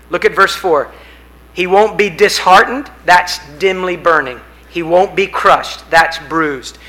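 A male preacher with a high, bright voice delivers a sermon. He tells it like a story, building and rising in force on the big images, then dropping back down. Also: low-quality recording. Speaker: pastor.

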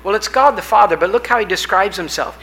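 A male preacher with a high, bright voice delivers a sermon. He tells it like a story, building and rising in force on the big images, then dropping back down. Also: quick pace, poor audio. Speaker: pastor.

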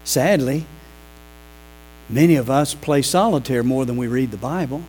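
A pastor preaching a sermon, telling lively stories and acting out the people in them. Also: male voice, mid-range voice, moderate pace, low-quality recording. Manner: animated, acts out quoted voices. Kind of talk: sermon with storytelling.

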